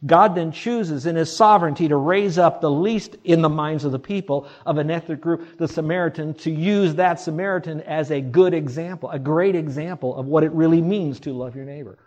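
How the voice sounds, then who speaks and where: A middle-aged male pastor preaching a sermon, swinging from loud emphasis to hushed asides. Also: a little high, moderate pace, hardly any pauses.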